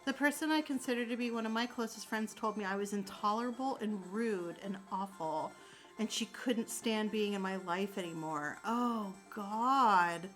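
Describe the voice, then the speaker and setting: A woman's voice: mid-range voice, normal speed, soft background music, low-quality recording. A young adult woman chatting casually with her viewers. She rambles, with many fillers, and answers them sympathetically. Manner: warm, sympathetic toward viewers. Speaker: streamer answering chat. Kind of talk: casual chat.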